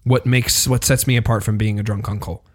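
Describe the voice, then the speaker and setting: A man playing a bearded drunk uncle applying for a job, with a deadpan, halting delivery. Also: fairly low pitch, voice pushed down, lightly acted.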